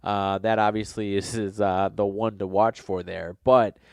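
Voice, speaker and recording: A man with a fairly low, clear voice, slightly nasal from a cold, runs through game picks in a casual, rambling way. He fills pauses with "uh" and corrects himself as he goes. The sound is close and dry, with no room around it. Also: level tone, no room sound. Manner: rambling, frequent fillers and self-corrections. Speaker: sports betting podcast host. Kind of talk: casual solo sports betting talk.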